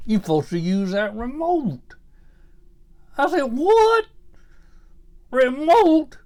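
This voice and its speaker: A man's voice: high voice, sing-song, unhurried, darkish tone, heavily acted. A man playing a cranky older grandpa with a Southern Louisiana accent, ranting in a folksy, grumbling, exasperated comic monologue. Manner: folksy, grumbling, exasperated, rising to indignant outbursts. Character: cranky old Southern grandpa fed up with gadgets.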